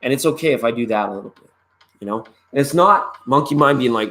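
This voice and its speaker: Soft music plays behind a fast-talking tarot reader as he runs his live online show. His medium-pitched, somewhat bright voice rambles easily while he welcomes viewers by name.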